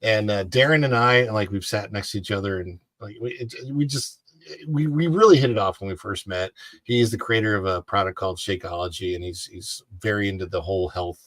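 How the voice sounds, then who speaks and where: A man's voice: lowish voice, fairly quick, a bit bright, dry recording. A man co-hosting a casual chat show, talking in a rambling, opinionated way with lots of restarts. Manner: rambling, many fillers and restarts. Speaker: co-host.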